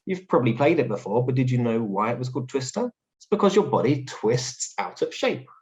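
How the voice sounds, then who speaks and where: Man, teacher, very animated pitch, upbeat explaining, slightly dull lo-fi audio. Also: fairly quick. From London. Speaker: English teacher host. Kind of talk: English vocabulary lesson.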